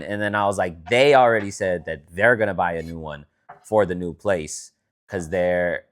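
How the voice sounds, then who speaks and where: A man's voice: low voice, normal speed, faint music behind. A young man co-hosting a podcast, telling a long rambling story in casual chat, full of "like" and "you know what I mean.". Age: young adult. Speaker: podcast co-host.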